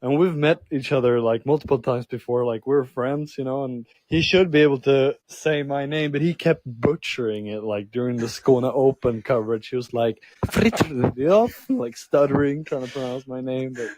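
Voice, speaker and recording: A man's voice: medium pitch, moderate pace, hardly any pauses, darkish tone. A man speaking casually in a recorded video message to two podcast hosts, chatty with fillers.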